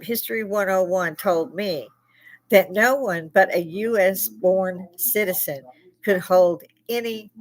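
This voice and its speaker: A woman's voice: mid-range voice, fairly bright tone. A woman in her sixties, a live-stream host, telling rambling stories in a blunt, profane way and laughing often. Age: 60s. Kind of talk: casual chat.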